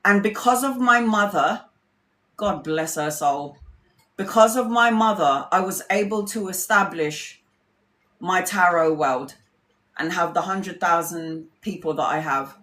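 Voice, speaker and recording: A woman's voice: lowish voice, a little slow, a bit bright. A woman, a tarot reader telling a personal story in a casual, chatty way, laughing often and swearing freely. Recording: roomy echo.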